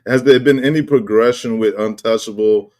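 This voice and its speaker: A man's voice: on the low side, normal speed, darkish tone. A male host in casual chat, blunt and joking, with plenty of slang.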